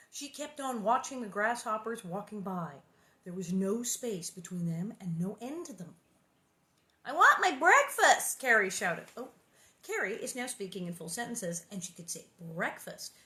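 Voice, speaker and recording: A woman's voice: mid-range voice, a bit bright. A woman reading a children's book aloud, breaking off for squeamish, jokey asides. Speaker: reader.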